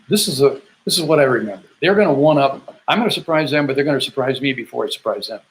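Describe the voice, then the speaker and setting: Older guy from michigan, army vet telling his story, gets animated and does everybody's voices, soft hiss underneath. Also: medium pitch, fast, hardly any pauses, rough recording. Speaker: military veteran storyteller. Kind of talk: personal storytelling to camera.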